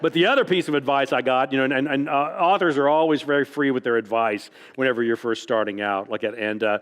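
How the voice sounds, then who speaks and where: A man's voice: mid-range voice, quick pace, a little hiss or hum. A man, an author at a library event, telling anecdotes to a live audience in a rambling, self-amused way, packed with fillers and chuckles. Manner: breaks into chuckles at his own stories. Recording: long reverb of a large hall.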